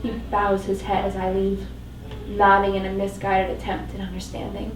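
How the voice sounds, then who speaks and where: A woman's voice: mid-range voice, steady tone, moderate pace, slight background noise. Woman reading dramatic fiction live. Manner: dramatic, emotionally intense reading. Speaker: fiction reader. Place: live event venue. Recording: echoey live venue, mic at a distance.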